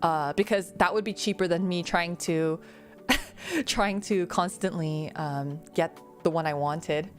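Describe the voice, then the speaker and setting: A woman's voice: on the low side, measured pace. Casual young female streamer, giggly, rambling delivery with fillers, light music bed. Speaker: VTuber streamer. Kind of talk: casual Q&A chat.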